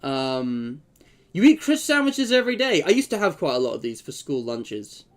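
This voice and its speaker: A man's voice: fairly high pitch, sing-song, moderate pace. A young man streaming, chatting casually and rambling with jokes and fillers. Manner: rambling and joking, many fillers. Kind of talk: casual chat.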